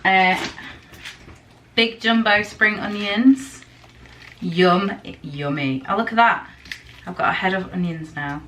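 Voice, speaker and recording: A woman talks through her shopping in a loose, rambling way, full of ums and small laughs. Her voice is bright and a little dry in the throat. She sits a step back from the mic, with faint noise behind her. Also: medium pitch, slow, long pauses, recorded from a distance. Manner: chatty, giggly, rambling with ums. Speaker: vlogger. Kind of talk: casual grocery haul chat.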